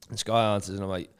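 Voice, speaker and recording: A man co-hosting a podcast, telling a story in a loose, animated and sweary casual chat. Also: lowish voice. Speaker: podcast co-host.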